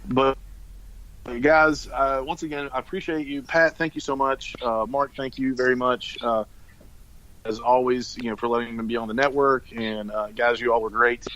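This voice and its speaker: Man, middle-aged, podcast host, halting, filler-heavy, mid pitch. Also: level tone, fairly bright tone, rough recording. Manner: halting, stumbles over words. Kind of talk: casual podcast wrap-up.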